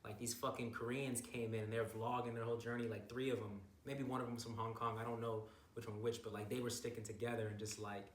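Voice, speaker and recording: A man's voice: medium pitch, flat delivery, fast talker, few pauses. Hyped, profane young man vlogging from a distance. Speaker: bodybuilder vlogger. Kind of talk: casual recap vlog. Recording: roomy, distant from mic, faint noise.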